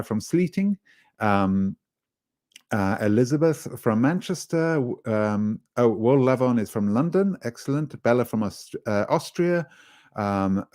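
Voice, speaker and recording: A man's voice: medium pitch, lively intonation, unhurried, a little mellow. A man from South Africa hosting a live online workshop on social media writing, chatty and hesitant with many fillers. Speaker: webinar trainer.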